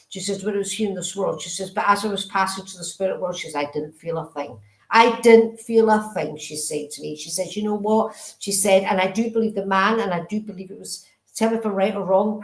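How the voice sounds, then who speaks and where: An earnest woman gives a live psychic reading, passing on messages and often asking the sitter whether they make sense. Her voice sits at a mid pitch for a woman. The recording picks up a roomy echo around her. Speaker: medium giving live readings.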